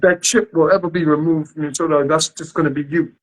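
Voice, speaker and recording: A man's voice: on the high side, steady tone, quick pace, rough recording. A man hosting a casual interview, encouraging his guest with frequent affirmations. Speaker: interview host.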